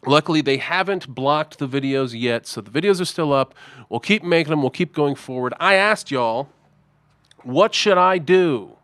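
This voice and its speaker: A man's voice: on the high side, animated, moderate pace, a bit bright, clear, resonant tone, no room sound. A man hosting a guitar reaction channel, talking in a chatty, wry way with self-mocking asides. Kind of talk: casual reaction-video commentary.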